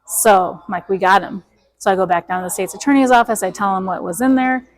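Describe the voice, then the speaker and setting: A woman's voice: mid-range voice, fast talker, poor audio. A woman, a guest in an interview, telling her story emphatically and acting out the dialogue of each person in it. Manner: emphatic, quotes herself and others in dialogue.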